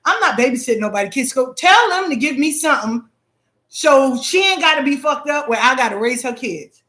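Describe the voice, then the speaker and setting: A middle-aged woman telling a story in a casual, profane, animated way, laughing often. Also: high-pitched, a little fast, roomy sound. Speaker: spiritual practitioner telling a story.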